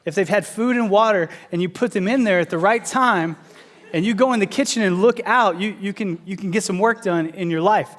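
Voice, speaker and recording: A man in his thirties preaching a sermon as pastor, telling animated, conversational stories. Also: high-pitched, a little fast.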